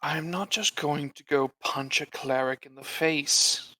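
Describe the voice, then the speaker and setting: A man's voice: a little high, a little slow, bright, forceful tone, low-quality recording. A man voicing a curt, formal male spellcaster in a live tabletop role-play, speaking in stiff, clipped phrasing. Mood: indignant.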